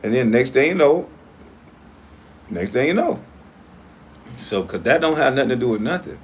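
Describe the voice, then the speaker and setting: A man's voice: medium pitch, expressive, moderate pace, slight background noise. A man hosting his own livestream, talking in a casual, blunt and profane way as he confronts a critic. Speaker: livestream host.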